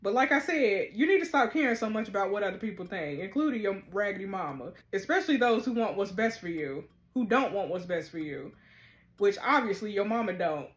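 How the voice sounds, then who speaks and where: A woman's voice: mid-range voice, animated, a little fast, lightly acted. A woman reading the lines of a tough, self-assured teenage girl in a juvenile facility, in a blunt manner.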